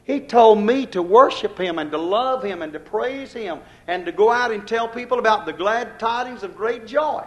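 A man's voice: high-pitched, lively intonation, moderate pace, few pauses, a bit bright, rough recording. A male minister preaching a sermon in a folksy way, often calling out to his congregation.

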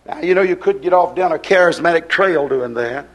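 A man preaching a sermon in an emphatic, repetitive cadence, breaking into shouts. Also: a little high, a little fast.

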